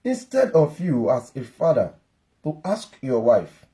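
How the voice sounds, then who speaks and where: A man's voice: mid-range voice, wildly swooping pitch, measured pace, dark tone. A man giving an earnest, lecturing parenting-advice monologue that often repeats its points.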